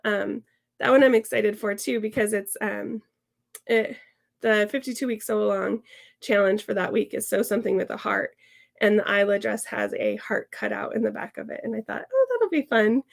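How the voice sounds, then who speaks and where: A woman with a cold and a gravelly voice, chatting casually through a sewing tutorial. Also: medium pitch, level tone, moderate pace. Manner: chatty and upbeat, with fillers. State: sick, gravelly voice. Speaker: sewing instructor. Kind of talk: casual sew-along tutorial.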